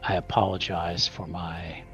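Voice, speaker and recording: A man's voice: low voice, level tone, measured pace, soft background music. A man voicing a proud male vampire noble in a tabletop game, speaking in an earnest, formal way. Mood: pleading. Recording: dull lo-fi recording.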